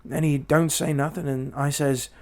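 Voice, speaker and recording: A man voicing a young working-class Cockney bellboy who calls everyone "sir" and speaks in rough grammar. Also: a little high, fairly even intonation, normal speed, close to an everyday voice. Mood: uneasy. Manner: dropped grammar, deferential "sir" after every phrase. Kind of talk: audiobook character voice.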